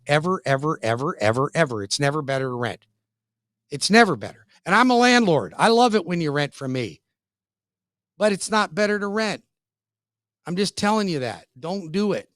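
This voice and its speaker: A middle-aged man hosting a radio show, giving a pushy, folksy, emphatic sales pitch that repeats points for emphasis. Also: a bit bright, no echo, studio quality. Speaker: radio show host and mortgage lender. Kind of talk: hard-sell radio pitch.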